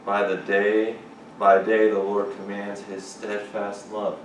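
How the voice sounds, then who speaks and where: Male chapel preacher, animated and exclamatory, lowish voice, distant mic, noisy echoing hall. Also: slow pace. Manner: animated, rising to excited exclamations. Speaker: chapel speaker. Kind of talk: lively chapel sermon. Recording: echoey hall from far off, background noise.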